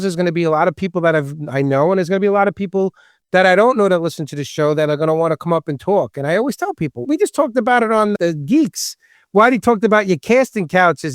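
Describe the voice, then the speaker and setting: A man with a Long Island New York accent and a loud, distinctive voice, joking and chatting as a podcast host. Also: sits high, quick pace, smooth, no room sound, clean studio sound. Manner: animated, joking, talkative. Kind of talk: casual podcast chat.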